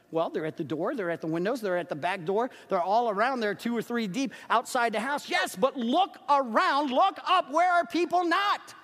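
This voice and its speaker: Man, pastor, sermon, very high voice, animated storytelling, long church reverb. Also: normal speed, few pauses. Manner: animated storytelling that acts out the characters. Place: church sanctuary.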